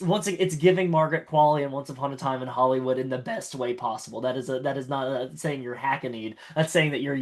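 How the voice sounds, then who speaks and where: Guy rambling thru feedback after a tabletop game, kinda higher voice, lots of likes and ums. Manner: rambling, full of fillers and restarts. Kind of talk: casual post-game feedback chat.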